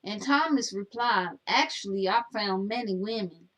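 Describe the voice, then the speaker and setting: A woman's voice: medium pitch, moderate pace, close to an everyday voice, low-quality recording. A woman playing Daisy, a sassy, bossy Southern woman with a Southern US accent, co-hosting a comedy show and teasing her partner while reading viewer comments. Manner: scolding, bossy, animated storytelling. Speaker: co-host.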